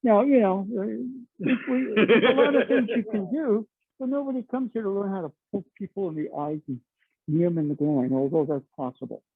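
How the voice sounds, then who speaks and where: A man's voice: sits high, brisk, breathy edge, dry recording. A middle-aged man teaching a martial arts class, explaining chattily with lots of "okay" and "you know.". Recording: dry, tinny phone-like sound.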